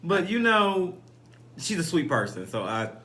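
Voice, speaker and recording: A man co-hosting a casual chat, talking in a chatty, expressive way. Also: high voice, a little slow. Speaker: podcast co-host.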